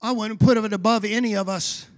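Male pastor, very high pitch, impassioned sermon delivery with shouted climaxes. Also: steady tone, a little fast. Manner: impassioned, shouting bursts, dramatic retelling.

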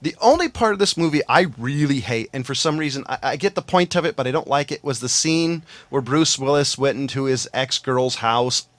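A man's voice: mid-range voice, lively intonation, fairly quick, few pauses, fairly bright tone, dry recording. A man co-hosting a podcast, giving blunt opinions in casual movie chat. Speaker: podcast co-host.

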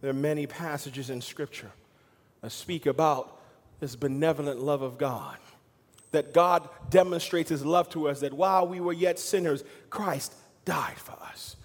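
A man preaching a sermon as pastor, swinging between loud emphatic lines and quiet, hushed asides. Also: on the high side, measured pace, in a large hall. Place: church sanctuary.

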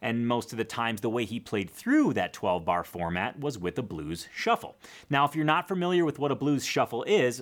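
A man teaches blues guitar in a relaxed, conversational lesson. His voice sits at a middle pitch but moves lively up and down as he explains. Guitar playing is heard behind him. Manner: relaxed, explanatory, counts beats aloud.

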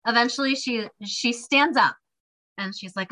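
A young woman with a bright, clear voice tells a family story to her sister. She talks in a relaxed, chatty way, with sarcastic asides and lively quoted voices. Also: a little high, normal speed, poor audio. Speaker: podcast co-host. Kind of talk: casual chat.

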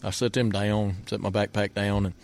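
A man's voice: fairly low pitch, flat delivery, moderate pace, vocal fry, darkish tone. A man telling a hunting trip story in a casual, folksy way, often laughing and repeating himself.

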